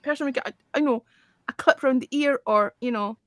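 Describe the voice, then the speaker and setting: A woman. Her talk is blunt and full of swearing. Her voice sits fairly high, and the sound is dry and close. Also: fast talker, fairly bright tone, dry recording. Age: 40s. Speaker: host. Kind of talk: casual chat.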